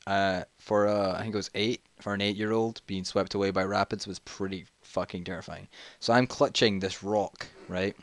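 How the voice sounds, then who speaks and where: A man's voice: low-pitched, steady tone, normal speed. Rambling guy telling a story. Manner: rambling, jokey, easily sidetracked. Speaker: vlogger. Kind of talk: casual storytime while playing a video game.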